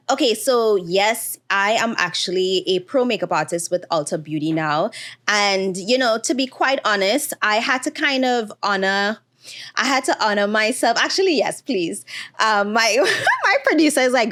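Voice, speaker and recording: A woman's voice: medium pitch, animated, moderate pace, fairly bright tone. A woman in her thirties hosting her own podcast, talking candidly with lots of fillers and fighting back tears. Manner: candid, chatty, emotional with frequent fillers. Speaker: podcast host. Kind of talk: casual solo podcast monologue.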